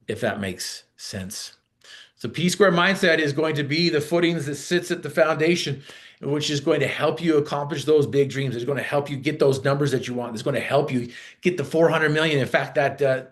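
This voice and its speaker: A middle-aged man from Utah giving an energetic motivational talk, telling a story and driving home repeated phrases. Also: mid-range voice. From Utah, USA. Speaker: motivational speaker.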